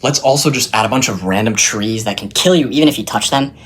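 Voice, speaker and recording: Very low-voiced woman adding comic lines. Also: quick pace, husky. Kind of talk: comedic sketch banter.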